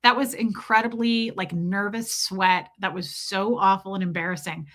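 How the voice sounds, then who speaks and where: A young adult woman hosting a livestream, chatting casually with viewers in a rambling, animated way, her voice a little worn from screaming. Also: medium pitch, moderate pace. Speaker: livestream host.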